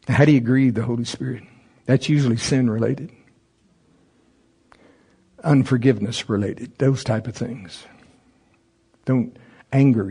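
A man preaching a sermon to a congregation, telling a personal story with humor and laughing through it. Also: breathy edge. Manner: animated, voice jumps high and loud in excited retellings; humorous, laughs through his own stories. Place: church service before a congregation.

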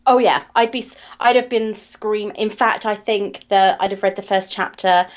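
A woman's voice: mid-range voice, fairly even intonation, normal speed. Woman cohost, giggly and blunt, kinda muffled audio. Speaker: podcast co-host. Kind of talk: casual book-club chat.

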